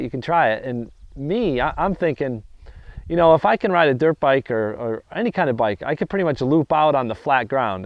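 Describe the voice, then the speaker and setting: A middle-aged man telling a story in a casual interview, halting, with many restarts and fillers. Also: medium pitch, no echo, highs cut off.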